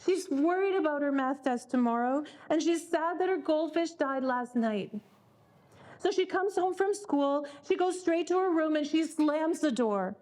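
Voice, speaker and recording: A woman's voice: high voice, lively intonation, a little slow, a little mellow. A woman leading a parenting workshop, speaking earnestly and repeating words as she thinks. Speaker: workshop leader.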